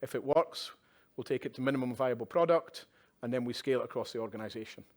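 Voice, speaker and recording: A man's voice: medium pitch, fast, a little mellow. A man giving a conference keynote from a live event stage, speaking conversationally with tag questions and wry asides.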